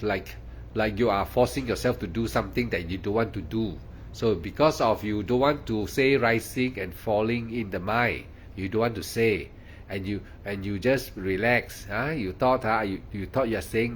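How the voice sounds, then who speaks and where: A man's voice: medium pitch, husky. A man, giving a guided meditation talk in a repetitive, coaxing way with frequent "ah" and "lah" fillers. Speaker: meditation teacher.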